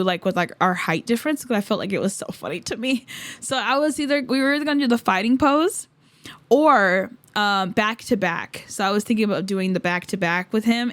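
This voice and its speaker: A woman's voice: medium pitch, no echo. A woman in her twenties hosting, telling a story in casual chat, laughing often and rambling with lots of fillers. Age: 20s. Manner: giggly, laughs often mid-sentence. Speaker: podcast host.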